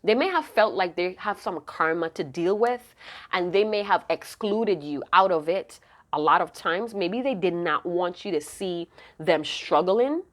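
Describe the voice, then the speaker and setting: A woman's voice: lowish voice, expressive, a little slow. A woman giving an intuitive tarot reading to camera, emotive and rambling, often breaking off mid-thought to restart. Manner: rambling, emotive, self-interrupting. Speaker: tarot reader.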